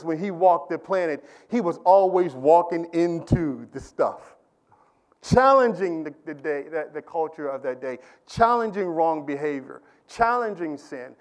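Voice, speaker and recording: A man with a strikingly high-pitched voice delivers a sermon from the pulpit of a church. He starts out conversational, then builds into emphatic, repetitive preaching, pressing his congregation with questions. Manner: rising into emphatic preaching with repeated calls to the congregation. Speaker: pastor.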